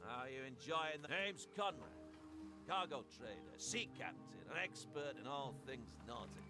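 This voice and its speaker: An actor with a British accent voicing a boastful, hearty sea captain and trader in a fantasy video game. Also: male voice, medium pitch, expressive, moderate pace, music in the background, natural voice.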